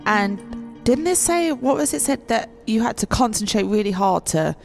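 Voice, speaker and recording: A woman's voice: a little high, lively intonation, normal speed, creaky, over music. Eager, laughing woman player. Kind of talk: casual tabletop play.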